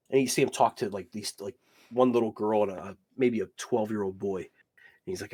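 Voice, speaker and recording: Husky guy dming, rambly, says like and you know a lot. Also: lowish voice, steady tone, moderate pace, a little mellow. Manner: rambling, lots of fillers. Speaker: game master. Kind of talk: narrating a tabletop game.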